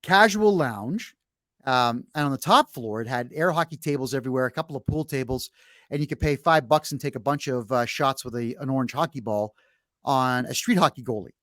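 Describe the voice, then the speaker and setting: A man's voice: mid-range voice, a little fast, no echo, clean studio sound. Brash, blunt middle-aged man. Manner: brash, blunt, animated storyteller; frequent restarts and fillers while telling a story. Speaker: podcast host. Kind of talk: casual storytelling chat.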